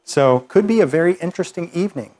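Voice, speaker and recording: Male workshop instructor, slightly higher voice, easygoing explainer who talks through ideas with a live group. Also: fast talker. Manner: relaxed, conversational explaining with fillers and restarts.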